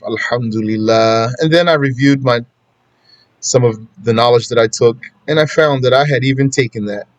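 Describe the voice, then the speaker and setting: In this classroom lesson on a law text, a male Islamic studies teacher explains prayer step by step, reciting Arabic quotations and then giving their translations. His mid-range voice comes through with no room sound. He talks in a plain, conversational teaching style and addresses asides to the students.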